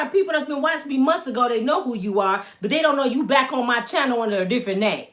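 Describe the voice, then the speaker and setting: Heated high-voiced woman ranting to viewers. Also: lively intonation, fast, few pauses, a bit bright. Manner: heated, emphatic, addresses viewers as y'all. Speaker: channel host. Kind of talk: angry vlog rant to viewers.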